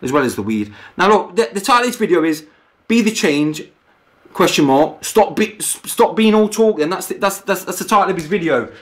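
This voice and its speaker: Brief: male vlogger, quick and high-pitched, crude, repetitive angry ranting. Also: very animated, fairly bright tone. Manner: profane, repetitive, keeps asking "do you know what I mean". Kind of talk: angry rant over video clips.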